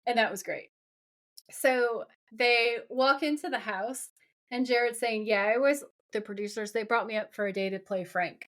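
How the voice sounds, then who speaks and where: A woman's voice: fairly high pitch, normal speed. A woman co-hosting a podcast, casually recapping a TV episode and acting out its dialogue. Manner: animated, retells scenes in quoted dialogue. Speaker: podcast co-host.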